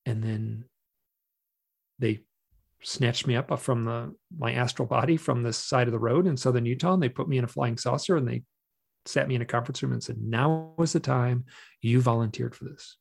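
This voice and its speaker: A man, a podcast guest and author, telling a personal story in a casual, animated way, often restarting his sentences. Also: medium pitch, a little fast, gravelly, breathy edge. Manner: animated, emotional retelling with many restarts. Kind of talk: conversational storytelling.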